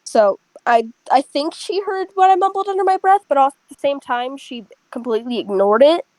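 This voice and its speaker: Blunt, fast-talking young woman with a higher voice. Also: no room sound, low-quality recording. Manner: blunt, profane, animated storytelling. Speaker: restaurant server telling a story. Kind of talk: casual chat with friends.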